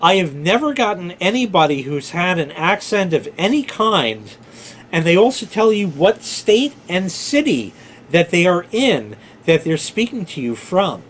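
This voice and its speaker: Lively high-voiced man telling a story. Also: a little slow, slight background noise. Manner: rambling, informal, with filler words and mild swearing. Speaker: vlogger. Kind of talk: casual storytelling monologue.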